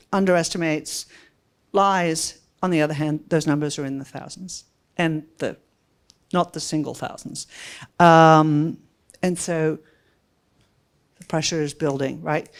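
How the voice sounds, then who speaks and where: Animated woman giving a talk. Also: deep voice. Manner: animated, conversational, frequent "right?" asides. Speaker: guest speaker. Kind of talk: public policy talk. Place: lecture room before an audience.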